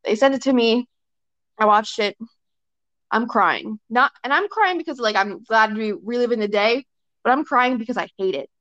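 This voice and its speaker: A woman's voice: on the high side, normal speed, a bit bright, no echo. A young woman guesting on a podcast, chatting casually with lots of fillers and short acted-out quotes. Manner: chatty, filler-heavy, often acts out quotes. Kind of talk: casual chat. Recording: dry, slightly dull sound.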